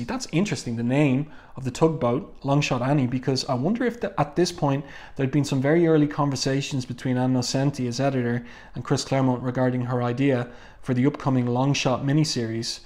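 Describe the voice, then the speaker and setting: A man's voice: mid-range voice, brisk, a little mellow. A man casually reviewing a comic book and reading panels aloud, musing with frequent ums and restarts.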